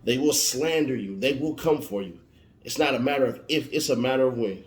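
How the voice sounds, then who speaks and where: A man delivers a motivational monologue in an emphatic, preachy way, driving his points home through repetition. His voice sits at an ordinary middle pitch. The recording carries a noticeable roomy echo. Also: a little fast. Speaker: motivational speaker.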